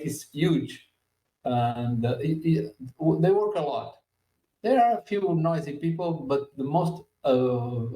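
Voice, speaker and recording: Podcast host, man, 50s, mellow and halting, distant mic, roomy echo. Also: medium pitch. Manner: halting, with many fillers. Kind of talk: casual podcast interview. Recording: echoey room, far from mic.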